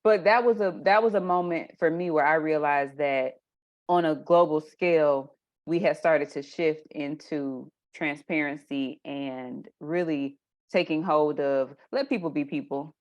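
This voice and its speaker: A woman chatting casually as a guest, telling animated stories and acting out her own reactions. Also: low voice, measured pace, highs cut off. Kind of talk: casual conversation.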